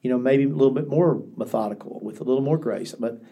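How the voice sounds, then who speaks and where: Older man, pastor, earnest storyteller, restarts his sentences, mellow warm tone. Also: medium pitch, quick pace, husky. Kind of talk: podcast interview.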